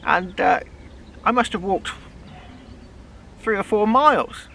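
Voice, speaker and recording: Brief: West Country man vlogging outdoors, rambling and chatty, slightly high, bright tone, faint background noise. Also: slow, gravelly. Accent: West Country English. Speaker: metal detecting vlogger. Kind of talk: casual outdoor vlog. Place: outdoors in a field, then a pub.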